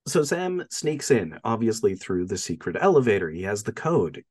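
A man's voice: fairly low pitch, sing-song, normal speed, darkish tone, breathy edge. A man co-hosting a podcast, recapping a movie in casual chat, telling it with animation, laughing often and using lots of fillers. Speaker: podcast co-host.

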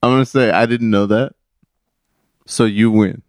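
A man's voice: on the low side, fairly even intonation, normal speed, darkish tone, no echo, clean studio sound. Easygoing man co-hosting a podcast. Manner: easygoing, laughs along. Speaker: podcast co-host. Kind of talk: casual chat.

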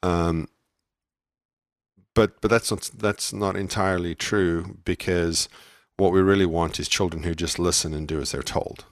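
A very deep-voiced man from South Africa co-hosts a casual parenting podcast. He muses aloud, circling back and restarting his sentences, poking fun at himself. The sound is close and dry. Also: fairly even intonation, a little slow, no room sound. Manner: reflective, self-deprecating, many restarts. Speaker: podcast co-host.

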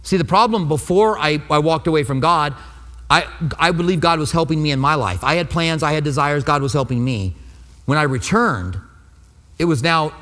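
A man's voice: on the high side, moderate pace, fairly bright tone. A man preaching a sermon as pastor, telling a personal testimony in an earnest, conversational way. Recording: long hall reverb.

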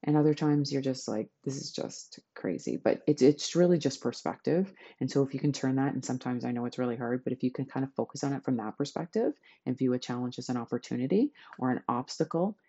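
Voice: mid-range voice, fast talker, few pauses, mellow, husky, dull audio. A podcast host giving a chatty, enthusiastic self-help talk to listeners.

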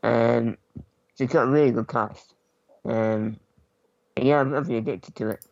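A man chatting casually as a podcast co-host, relaxed and rambling, with many pauses. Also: medium pitch, vocal fry, no room sound. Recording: slightly dull lo-fi mic.

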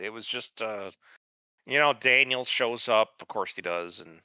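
Man, bright voice, dry muffled sound, rambling swearing chat. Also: medium pitch, moderate pace, clear, resonant tone, no echo. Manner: rambling, swears a lot, lively. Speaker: podcast co-host. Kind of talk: casual profane chat.

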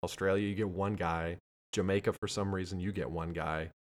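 A man's voice: low-pitched, fairly even intonation, a little fast. A man co-hosting a podcast in casual chat, making dry, wry asides. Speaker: podcast co-host.

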